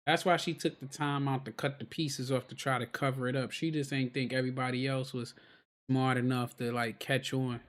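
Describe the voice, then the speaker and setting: A man's voice: medium pitch, flat delivery, brisk. A man hosting a reaction video, giving blunt, profane, casual commentary.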